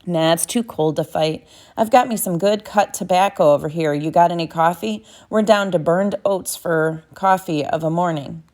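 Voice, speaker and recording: A woman reading the lines of a friendly, ragged young male Confederate soldier who speaks softly with a Southern drawl. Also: normal speed, natural voice. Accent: American Southern drawl. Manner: soft, low, folksy.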